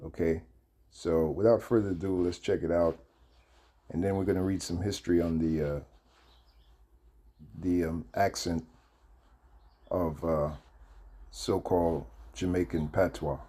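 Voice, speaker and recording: Channel host, man, deep and dark-toned, loose rambling commentary. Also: fairly even intonation, a little slow, pauses often, breathy edge. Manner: rambling, heavy with fillers, reads text aloud. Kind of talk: casual commentary.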